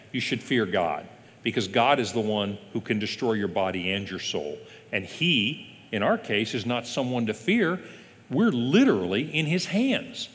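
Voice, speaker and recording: A man's voice: lowish voice, big-room sound. A man preaching a sermon as a pastor, emphatic and quoting scripture often. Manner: lively emphatic preaching with frequent scripture quotes. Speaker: executive pastor. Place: church sanctuary.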